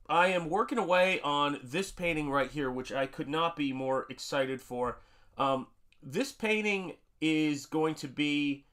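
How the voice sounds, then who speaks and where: A little high and fairly bright, this man's voice belongs to an upbeat American painter running a livestream. He greets viewers by name as they appear in chat, leaning on casual fillers.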